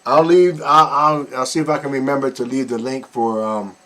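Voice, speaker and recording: A man giving animated, mocking reaction commentary as a vlogger. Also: medium pitch, normal speed.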